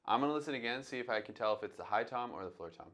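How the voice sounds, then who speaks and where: A man's voice: medium pitch, lively intonation, rapid-fire, heavy background noise. A man teaching drums in a casual, step-by-step way, thinking aloud and singing drum sounds as he goes. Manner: talks through his thinking, sings drum sounds aloud. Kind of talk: casual instructional talk.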